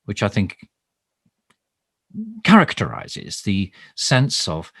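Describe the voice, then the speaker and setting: A man's voice: on the low side, very animated, takes it slowly, fairly bright tone, husky, dry recording, clean studio sound, exaggerated voice. A man playing a bumbling, pompous government minister in a mock live stream, rambling and stammering through ums and restarts. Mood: self-important. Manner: pompous, overly formal. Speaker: satirical minister character. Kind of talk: improvised comic monologue, mock live stream.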